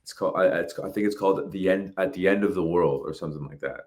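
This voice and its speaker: A man in his late thirties co-hosting a podcast, talking casually in animated bursts and swearing freely. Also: low voice, fast. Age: 30s. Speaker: podcast co-host. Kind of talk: casual chat.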